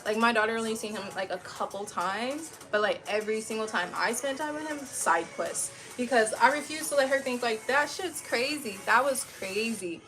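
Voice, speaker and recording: A young adult woman telling a heated personal story in casual livestream chat, profane and animated, acting out what people said. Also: fairly high pitch, fairly quick, few pauses. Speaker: livestream host.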